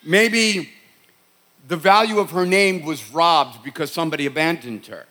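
A man's voice: a little high, moderate pace, bright, forceful tone. A middle-aged man with a Boston accent, preaching a sermon in a conversational storytelling way, often restarting his sentences. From Boston, USA. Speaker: pastor.

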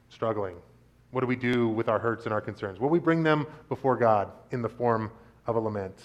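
A man preaching a sermon in an earnest way, reading scripture aloud with rising intensity and letting phrases trail off softly. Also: medium pitch. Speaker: pastor.

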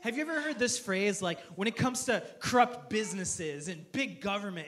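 A man's voice: high-pitched, a little fast, hardly any pauses, a bit bright. A man preaching a humorous sermon to a live audience, joking and asking the crowd for applause and amens. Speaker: pastor. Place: church auditorium with live audience.

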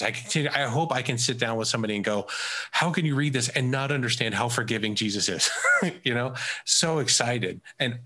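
Bright-voiced animated man telling stories. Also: medium pitch. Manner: animated storyteller who acts out quoted dialogue. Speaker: faith community leader and residency coach. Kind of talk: casual podcast conversation.

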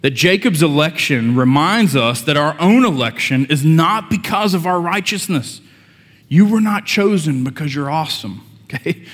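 A pastor preaching to his congregation. He keeps it conversational and breaks in with joking asides. His voice sits somewhat high for a man, and it rings out with the long reverb of a church hall. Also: a bit bright. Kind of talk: sermon.

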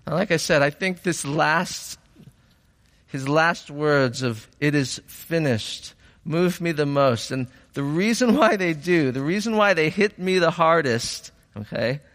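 A male pastor delivers a sermon at an unhurried pace, pausing between phrases. He is reflective, then builds to fervent emphasis. His voice carries a long reverb, as if in a large hall. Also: on the high side, expressive, fairly bright tone.

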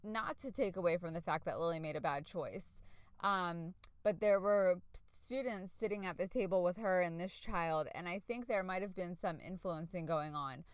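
Candid woman with a smooth voice, dry close mic. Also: lowish voice, moderate pace, no echo. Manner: candid, searching, with fillers and self-corrections. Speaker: podcast host, parent. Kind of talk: reflective personal podcast monologue.

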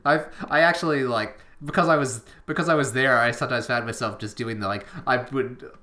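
A man's voice: medium pitch, a little fast, pushed and bright. Rambling chatty man on a podcast. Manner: rambling, chatty, self-deprecating with frequent fillers. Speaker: podcast co-host. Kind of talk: casual chat.

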